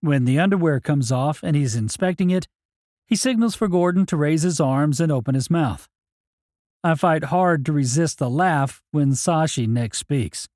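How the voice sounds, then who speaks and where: A man reads a first-person audiobook in a plain, matter-of-fact manner. His voice sits a touch high yet sounds warm and mellow, recorded close and dry in a studio with no room echo. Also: moderate pace. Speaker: audiobook narrator.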